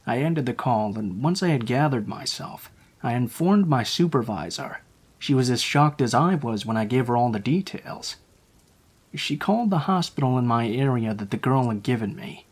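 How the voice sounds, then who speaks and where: A man narrating true horror stories in a calm, low-key scripted reading. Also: breathy edge.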